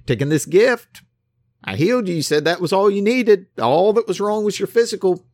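A preacher putting on a brisk, challenging Jesus. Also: male voice, sits high, darkish tone, no room sound, voice pushed up, lightly acted. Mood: rebuking. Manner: raised, emphatic, questioning delivery.

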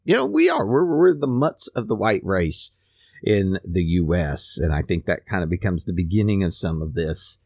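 Low-voiced man, rambling podcast talk. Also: big pitch swings, normal speed, gravelly, a little mellow, dry recording, clean studio sound. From United States. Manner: rambling, with many restarts and repeated words. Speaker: podcast host. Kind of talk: casual spoken monologue.

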